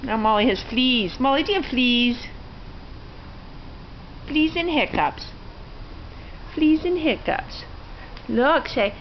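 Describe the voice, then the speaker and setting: At home indoors, a woman films her puppy on a handheld camera, speaking baby talk to it in a high, sing-song, doting and teasing voice, slowly and with long pauses. A dog barks behind her, and the home video sounds dull with background noise.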